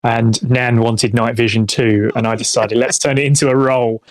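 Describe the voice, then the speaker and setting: A man's voice: mid-range voice, flat delivery, moderate pace, no room sound. A man, the game master, chatting casually about a tabletop game, with hesitant fillers and laughter.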